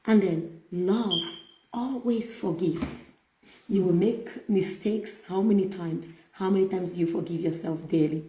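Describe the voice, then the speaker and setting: Slow, emphatic woman in an echoey room. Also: on the low side, dark tone, a little hiss or hum. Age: middle-aged. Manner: slow, emphatic, preacherly repetition. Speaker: motivational speaker. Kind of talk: faith-based self-help talk.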